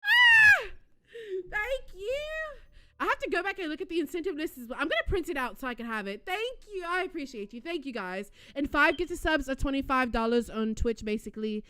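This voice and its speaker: A young woman hosting a live stream, chatting casually with her viewers and breaking into excited shrieks and giggles. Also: sits high, quick pace, hardly any pauses. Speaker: livestream host.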